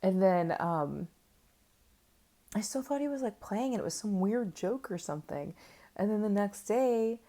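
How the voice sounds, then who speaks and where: A woman's voice: mid-range voice, expressive, a little slow, warm tone. A woman in her thirties telling a candid, self-mocking story to camera in a casual chat, with lots of fillers. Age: 30s. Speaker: vlogger.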